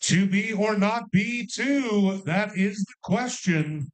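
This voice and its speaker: A man calling bingo numbers with playful rhymes and jokes, repeating each number slowly. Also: sits high. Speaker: bingo caller.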